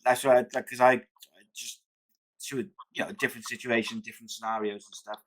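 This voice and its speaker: A man's voice: medium pitch, level tone, fairly quick, a little hiss or hum, poor audio. A man hosting a podcast, asking hesitant, searching questions and calling his guest "mate". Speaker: podcast host. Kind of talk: interview questions.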